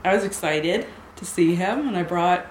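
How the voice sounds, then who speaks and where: Woman, personal storytelling, hesitant and halting, echoey room, steady background noise. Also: on the low side. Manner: hesitant, halting, full of restarts.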